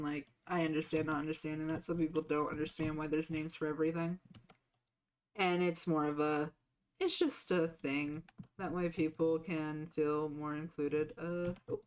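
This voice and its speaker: A woman streaming a game live, chatting casually with a sore throat that lowers her voice, rambling with lots of "like" and restarts. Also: darkish tone. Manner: rambling, full of "like" fillers and restarts.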